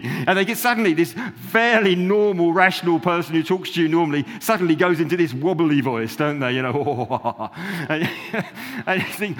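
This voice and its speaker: A man gives a relaxed, conversational sermon, wandering through his points with lots of "you know" and small laughs. His voice sits a touch high for a man. The sound carries the long reverb of a church hall. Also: a little fast. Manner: chatty, rambling, self-interrupting with fillers and laughs. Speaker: preacher. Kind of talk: informal sermon.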